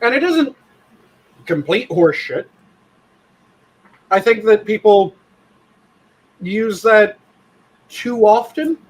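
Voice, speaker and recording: A man co-hosts a podcast in casual, blunt, profane chat, explaining things at length. His husky voice sits high and is very animated, though he speaks slowly and pauses often. The audio is poor.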